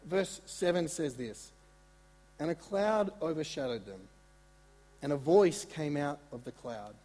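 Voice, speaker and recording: Male pastor, husky and slightly high, animated sermon in a reverberant hall. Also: unhurried. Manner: conversational, animated preaching with asides and repetitions.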